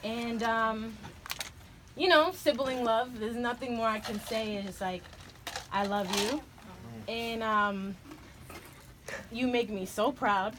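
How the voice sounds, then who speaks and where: A woman giving a tender, halting birthday toast to her sister. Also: fairly high pitch. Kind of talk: heartfelt party speech. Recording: noisy room with a crowd.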